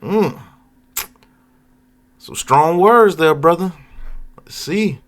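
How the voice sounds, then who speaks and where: A man hosting a sports talk channel, commenting casually on football news and reacting with drawn-out hums and asides. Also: on the high side, expressive.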